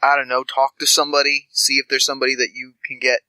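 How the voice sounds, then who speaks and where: A man's voice: mid-range voice, completely flat delivery, fast talker, sharp tone, smooth, dry recording, rough recording. A man voicing a scatterbrained, spindly male street informant who rambles and stammers affectionately. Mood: rambling.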